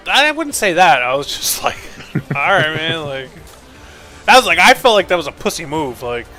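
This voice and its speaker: A man chatting while he streams a game. His voice is bright and forward, and he rambles through a story packed with swearing and filler words. He jumps in and out of voicing each person in the story as he goes. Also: a little high, animated, normal speed, soft background music. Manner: rambling, profane, leans heavily on 'like'; acts out both sides of quoted exchanges. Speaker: streamer and host. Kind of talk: casual storytelling while gaming.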